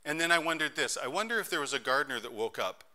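A middle-aged man preaching a sermon as pastor, telling stories in an animated way that swings between soft and loud. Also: a little high, quick pace.

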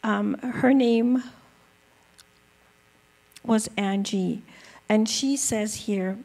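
A woman speaking slowly and earnestly, teaching in a gentle, reflective way. Her voice has a gravelly, creaky edge. She takes her time with each point, with the odd "um". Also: mid-range voice, poor audio. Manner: gentle, earnest, unhurried with fillers. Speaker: speaker teaching about apologies. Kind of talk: slow reflective talk with a read-aloud excerpt.

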